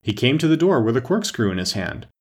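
A man's voice: mid-range voice, sing-song, fast. Man doing a fretful, dithering White Queen. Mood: anxious. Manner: anxious, rambling, dithering. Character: fretful muddled adult female queen.

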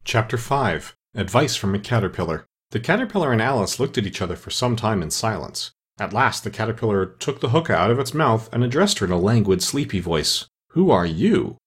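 A man reading a children's storybook aloud as narrator, in expressive, lively storytelling. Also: on the low side, fairly quick, few pauses, slightly rough. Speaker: audiobook narrator.

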